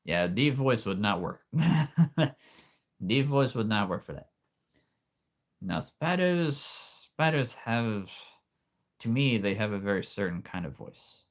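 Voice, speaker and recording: A man's voice: lowish voice, big pitch swings, takes it slowly, pauses often. A man with a sore throat hosting a casual livestream chat in an easygoing way. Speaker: livestream host. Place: home livestream.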